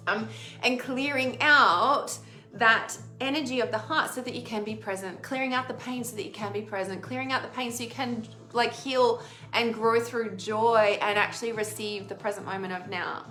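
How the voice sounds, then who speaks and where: A chatty woman giving a casual oracle card reading, rambling along with plenty of "like" and frequent laughter. Her voice sits a little high and sounds bright and forceful. The room is echoey, with soft music underneath. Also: fairly even intonation, moderate pace.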